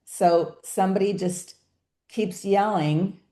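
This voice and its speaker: A woman's voice: medium pitch, fairly even intonation, slow pace, warm tone, echoey room. A woman hosting a webinar interview, asking thoughtful questions over a video call. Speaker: webinar host.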